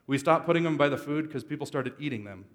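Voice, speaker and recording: A man's voice: on the high side, expressive, fast talker. Man preaching in a reverberant hall. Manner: joking, conversational preaching with sudden loud emphasis. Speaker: pastor. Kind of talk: sermon. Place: church service. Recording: long reverb of a large hall.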